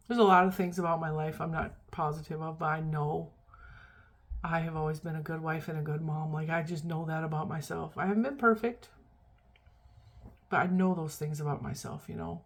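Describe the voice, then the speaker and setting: A middle-aged woman with a low, deep voice chatting casually to camera. She rambles along and pokes fun at herself. She sounds worn out and keeps yawning between thoughts. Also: steady tone, fairly quick. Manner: rambling, chatty, self-deprecating. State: tired, yawning. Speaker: vlogger. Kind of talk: casual chat.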